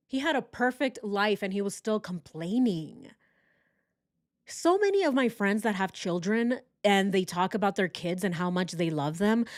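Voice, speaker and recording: A woman hosting a true crime stream in a loose, chatty way. She sits at a middle pitch and sounds close to the mic in a dry room. When she quotes people, she slides into mocking put-on voices. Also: dry recording. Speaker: true crime show host. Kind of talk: casual live-stream commentary.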